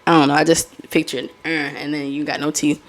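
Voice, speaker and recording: A woman's voice: deep voice, little pitch movement, brisk. Chatty woman hosting a casual solo podcast. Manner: chatty, reads posts aloud with laughing asides. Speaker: podcast host.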